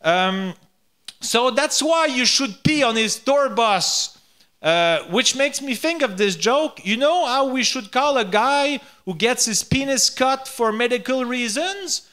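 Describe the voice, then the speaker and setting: A man with a Quebec French accent, a native French speaker, reading a comedy bit aloud in English, halting and repeating words and often laughing at his own jokes. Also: extremely high pitch, lively intonation, pushed and bright.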